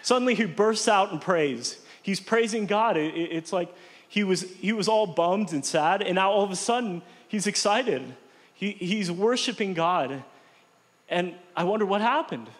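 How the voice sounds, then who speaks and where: A man's voice: high voice, lively intonation, moderate pace. A man teaching the Bible in a casual, conversational way, reading scripture aloud between informal explanations. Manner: conversational, informal, with frequent restarts. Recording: long reverb.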